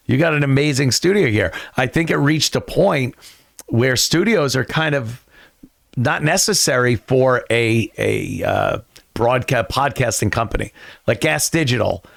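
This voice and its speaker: A man chatting loosely on a podcast in a studio, rambling along and laughing at his own jabs. His voice carries a gravelly rasp at a mid pitch. The sound is close and dry. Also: very animated, unhurried, a bit bright, dry recording. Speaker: studio guest. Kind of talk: casual chat.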